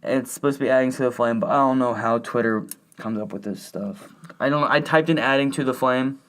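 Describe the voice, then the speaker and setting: A man's voice: medium pitch, fairly quick. A young man co-hosting a podcast in a laid-back, joking way. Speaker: podcast co-host. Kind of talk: casual chat.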